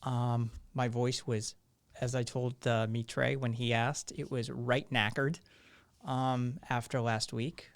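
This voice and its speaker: A man hosting a live stream, his voice still hoarse, talking in a rambling, sardonic way and swearing freely. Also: medium pitch, little pitch movement, takes it slowly. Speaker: live-stream show host. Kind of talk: casual live-stream commentary.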